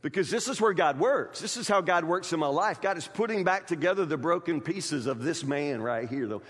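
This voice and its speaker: A pastor preaching to his church, driving his point home with one rhetorical question after another. His voice sits high for a man and rings out in a hall with a long echo. He often trips and restarts words mid-phrase. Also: animated, brisk, fairly bright tone, husky. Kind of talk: sermon.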